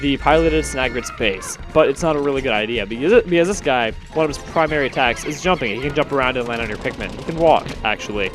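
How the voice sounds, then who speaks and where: A man's voice: medium pitch, fast talker, few pauses, over music. Breathless young man narrating gameplay. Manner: rambling, self-correcting, chatty. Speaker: let's play host. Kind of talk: casual gameplay commentary.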